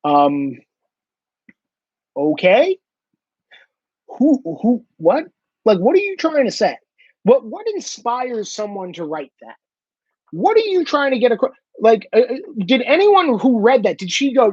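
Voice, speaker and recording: A man's voice: very high voice, big pitch swings, normal speed, darkish tone, dry recording. Guy ranting on his own show, sarcastic and sweary, dry dull-ish audio. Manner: profane, sarcastic, mocking. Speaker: host. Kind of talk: ranting commentary monologue. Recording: slightly dull lo-fi sound.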